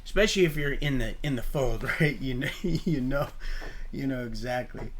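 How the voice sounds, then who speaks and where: A man hosting a livestream, rambling from topic to topic in an animated, preachy way and laughing at his own remarks. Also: medium pitch, normal speed, a little hiss or hum. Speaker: livestream host.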